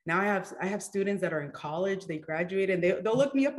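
A woman's voice: medium pitch, fast, few pauses. A woman in her forties, a children's program director, talking in a rambling way with lots of fillers and restarts. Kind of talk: casual interview chat.

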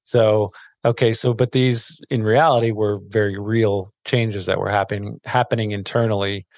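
A man's voice: on the low side, fairly even intonation, moderate pace, no room sound. A man hosting an interview, asking questions with supportive affirmations. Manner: supportive, many short affirmations. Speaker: podcast host.

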